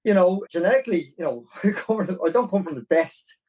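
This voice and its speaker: A man in his forties with a Dublin Irish accent spins an animated, self-deprecating tale in a fairly high voice. He sits a little back from the microphone. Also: a little fast, breathy edge, far from the mic, poor audio. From Ireland. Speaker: podcast guest, marathon runner. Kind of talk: casual storytelling interview.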